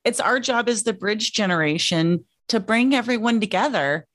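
A woman's voice: mid-range voice, expressive, normal speed, a bit bright. A woman hosting a podcast, chatting casually and with enthusiasm. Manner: bubbly, enthusiastic. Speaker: podcast host.

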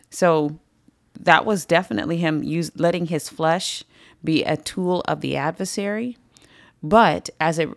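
A woman's voice: low voice, no room sound, clean studio sound. A woman leading a Bible study, teaching emphatically and repeating phrases for stress.

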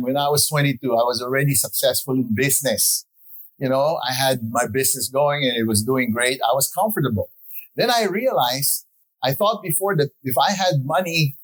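Husky-voiced man in his sixties giving testimony. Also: mid-range voice, rough recording. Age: 60s. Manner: earnest, reflective, frequent "you know" asides. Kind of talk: personal testimony sermon.

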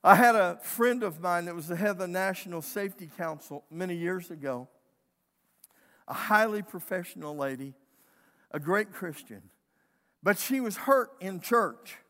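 A man preaching a sermon as pastor, telling a story, moving between loud emphatic lines and quiet retelling. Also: high voice, expressive, moderate pace. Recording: long reverb of a church hall.

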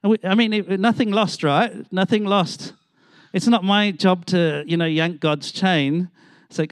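Man, pastor, storytelling sermon, animated delivery, slightly high voice, dry close sound. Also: slow pace, no echo. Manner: animated, acts out other people's voices in his stories.

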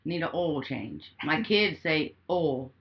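A woman in casual chat, telling animated stories and laughing often. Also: low-pitched, takes it slowly. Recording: slightly muffled podcast audio.

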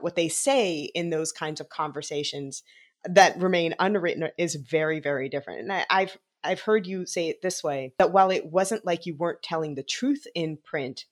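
A woman hosting a podcast, asking prepared interview questions in a measured way and reading quotes aloud carefully. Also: sits low. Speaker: podcast host.

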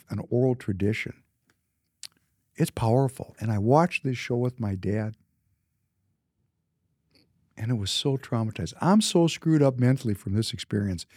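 A businessman in his fifties from Minnesota, United States, tells personal stories in a casual monologue, speaking emphatically and often repeating words for emphasis. His mid-range, mellow voice is captured in studio quality with no room sound.

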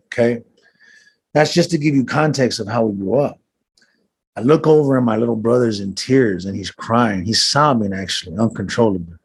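A man's voice: medium pitch, normal speed, slightly rough. A man telling a personal story as an interview guest, earnest and reflective, with casual slang and frequent restarts.

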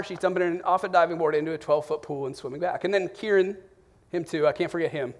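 A man in his forties delivers a Sunday sermon from the pulpit, his voice sitting slightly higher than most men's. He moves between animated storytelling and quiet, reflective prayer. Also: quick pace. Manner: warm storytelling with animated bursts and soft reflective drops. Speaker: pastor.

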